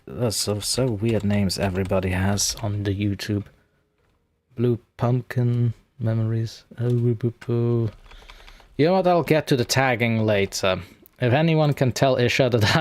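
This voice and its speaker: A man chatting casually on a live stream, rambling and poking fun at himself as he fumbles with his software. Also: lowish voice. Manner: rambling, self-mocking, talks to himself while fiddling with software.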